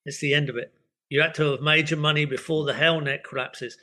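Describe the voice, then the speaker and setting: An older man, a permaculture educator, talking as a podcast guest in a relaxed, reflective way, often restarting his sentences and leaning on "you know.". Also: a little high, fairly quick. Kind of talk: casual interview conversation.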